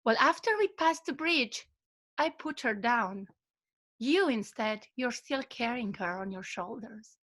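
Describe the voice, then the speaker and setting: A woman doing a calm old monk master. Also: on the high side, measured pace. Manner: quiet, soft-spoken, patient.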